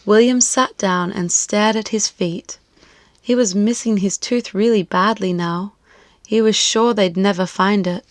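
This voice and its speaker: A woman reading a children's storybook aloud, clear, expressive and lilting. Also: medium pitch, measured pace, no echo.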